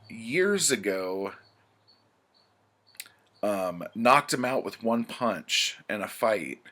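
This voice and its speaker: A man's voice: fairly low pitch, sharp tone. A man casually recapping pulp stories in a rambling, profane way, with plenty of fillers. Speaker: book reviewer.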